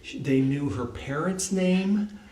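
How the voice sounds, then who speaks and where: A man's voice: high voice, takes it slowly, warm tone. A man telling a personal story in a loose, chatty way at a devotional gathering, full of fillers. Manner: loose and chatty, many fillers like "like" and "you know". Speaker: speaker at a devotional study gathering. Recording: echoey room, voice far from mic, faint hiss.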